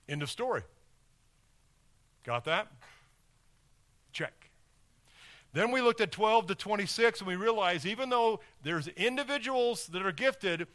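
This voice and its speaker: High, bright-voiced male preacher. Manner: conversational, with rhetorical questions and sports analogies. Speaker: pastor. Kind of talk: sermon.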